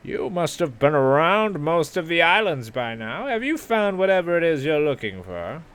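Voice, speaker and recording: A man's voice: on the high side, big pitch swings, normal speed, a bit bright, clear, resonant tone, voice pushed up. A man voicing a wary, defensive lighthouse keeper woman who sounds pleading and hurt, reading a video game's dialogue aloud. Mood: wounded, questioning. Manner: pleading, wounded.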